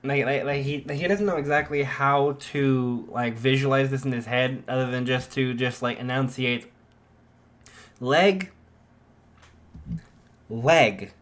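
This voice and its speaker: A man's voice: mid-range voice, steady tone, moderate pace, few pauses. A man improvising a fan-fiction story aloud, rambling with many fillers and restarts.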